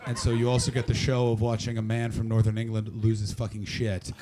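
This comic speaks fairly quickly in a lowish voice, performing stand-up in a small cellar club. He's brash and profane, telling animated stories and needling the audience.

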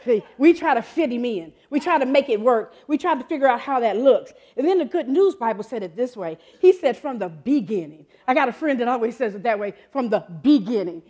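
A woman in her fifties preaching a sermon in an animated, excitable way, often laughing and jumping up in pitch. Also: a little fast, hardly any pauses. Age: 50s.

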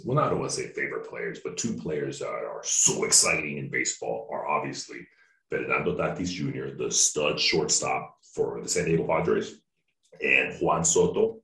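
A man's voice: extremely low pitch, vocal fry. A man co-hosting a podcast in casual chat, rambling and joking with frequent restarts. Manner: rambling, jokey, restarts often. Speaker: podcast co-host. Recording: echoey room, distant mic.

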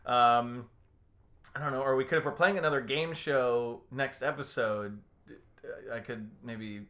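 A man's voice: mid-range voice, fairly even intonation, unhurried, a bit bright. A man, a comedian co-hosting a podcast, teasing and joking in casual banter. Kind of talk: casual chat.

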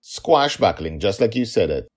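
Kid role: defiant small girl, shouty and stubborn, man reading the voice. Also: fairly low pitch, lively intonation, takes it slowly, pitched above the performer's own voice. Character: stubborn four-year-old girl adventurer.

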